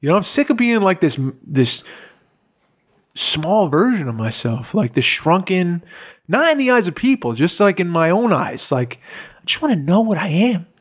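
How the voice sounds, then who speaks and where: A man's voice: high voice, very animated, normal speed, breathy edge. A young man co-hosting a podcast, talking casually and earnestly with lots of "like" and "bro". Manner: earnest, heartfelt, full of "like" and "bro". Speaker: podcast co-host. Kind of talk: casual chat.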